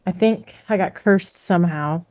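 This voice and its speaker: A woman's voice: on the low side, moderate pace, darkish tone, natural voice. A woman voicing an anxious young woman cursed as a werewolf, speaking hesitantly and earnestly. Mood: worried.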